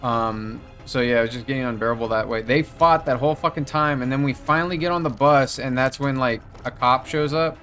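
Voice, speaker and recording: A man's voice: mid-range voice, brisk, hardly any pauses, a bit bright, faint music behind. A man hosting a gameplay video, telling a long rambling story in casual chat, swearing often. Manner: rambling storyteller, swears a lot, many fillers. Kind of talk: casual chat while playing a game.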